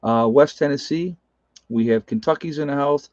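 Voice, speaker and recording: Relaxed man chatting on a dull stream. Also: mid-range voice, normal speed, no room sound. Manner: reads viewer comments aloud, chuckles often. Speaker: livestream host. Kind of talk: casual livestream chat.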